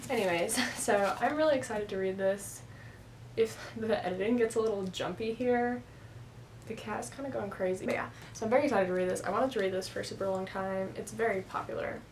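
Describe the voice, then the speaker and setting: A woman's voice: mid-range voice, a little fast, noisy background. A young woman in a casual book haul vlog, chatting at home into a camera on a stand and filling her talk with "like". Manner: chatty, rambling, heavy use of "like". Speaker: book vlogger. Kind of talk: casual chat.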